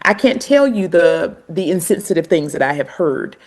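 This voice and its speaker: Middle-aged Southern US woman, lowish voice, measured and emphatic podcast guest. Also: sing-song. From Southern United States, North Carolina. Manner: reflective, explanatory, emphatic. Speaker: guest, language educator. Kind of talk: conversational interview.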